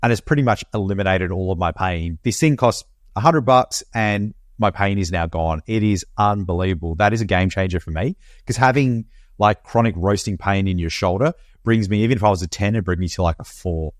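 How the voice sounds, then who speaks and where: This is an Australian man in casual podcast chat. His voice sits a bit low. He sounds laid-back and swears freely. The sound is dry and close. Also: brisk, few pauses, no echo. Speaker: podcast co-host. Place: home, Perth.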